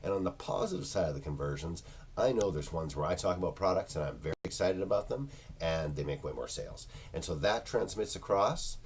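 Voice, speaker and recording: A man's voice: deep voice, darkish tone, a little hiss or hum. A man talking casually and unscripted in a product review video, rambling and searching for words with many fillers. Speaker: internet marketing product reviewer.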